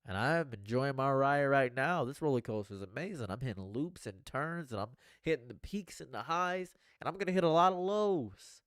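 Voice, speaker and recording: A man streaming a rambling, earnest monologue, going from hushed to excited and repeating his phrases. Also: medium pitch, normal speed, hardly any pauses, dry recording, clean studio sound. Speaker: commentary streamer.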